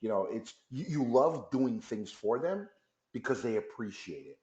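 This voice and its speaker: A man's voice: mid-range voice, normal speed, reverberant, muffled recording. A man guest on a talk radio interview, telling a story casually and acting out the back-and-forth dialogue. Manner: lively storyteller who acts out dialogue. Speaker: company executive guest.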